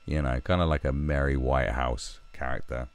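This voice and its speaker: A man's voice: extremely low pitch, steady tone, normal speed, clear, resonant tone. A man giving rambling, sweary commentary and often restarting his sentences. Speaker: YouTube commentator. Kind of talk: ranting commentary.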